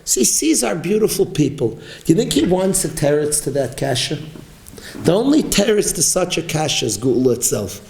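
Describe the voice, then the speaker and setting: A man giving a sermon as a rabbi, preaching emphatically and with animated, rising exclamations. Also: fairly high pitch, normal speed, a little hiss or hum. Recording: roomy echo.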